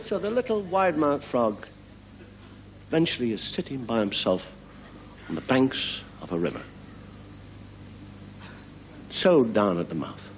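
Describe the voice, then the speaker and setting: Direction: animated Irish comedian telling a tale. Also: male voice, mid-range voice, measured pace, long pauses, noisy background. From Ireland. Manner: animated, swooping storyteller. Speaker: comedian and host. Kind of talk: stand-up storytelling. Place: TV studio with live audience.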